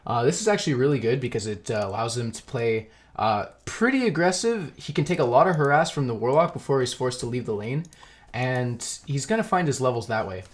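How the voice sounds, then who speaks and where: A man's voice: mid-range voice, expressive, brisk. A young man giving casual, rambling solo commentary on a match, eating while he talks and laughing at himself. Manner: rambling, self-deprecating, laughs often. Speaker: esports caster.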